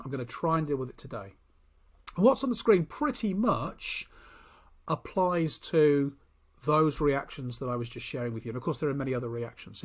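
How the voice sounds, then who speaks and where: A man's voice: fairly high pitch, husky. A man giving a spoken training lecture on workplace conversations, talking directly and acting out short example dialogues.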